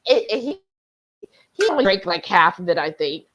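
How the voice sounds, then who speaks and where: A woman's voice: medium pitch, normal speed, highs cut off. A woman co-hosting a casual livestream, chatting and reading viewer comments aloud. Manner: reads chat messages aloud, chatty and animated.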